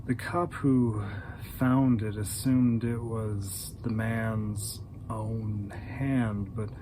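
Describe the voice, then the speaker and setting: A man voicing a numb woman volunteer who speaks in a dry, flat monotone. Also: lowish voice, takes it slowly, slight background noise, pitched below the performer's own voice.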